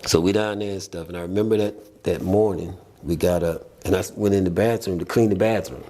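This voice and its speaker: Man, podcast guest, lowish voice, earnest, reflective storytelling, conversational testimony. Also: fairly even intonation, fairly quick, warm tone. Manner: earnest, reflective, retells scenes by voicing people.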